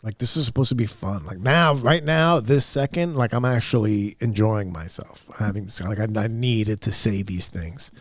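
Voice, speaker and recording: A man's voice: fairly low pitch, moderate pace, hardly any pauses, dry recording, clean studio sound. A man hosting his own podcast, talking alone in a candid, rambling, self-deprecating way with lots of fillers. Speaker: podcast host. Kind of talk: casual solo podcast monologue. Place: upstairs room at home.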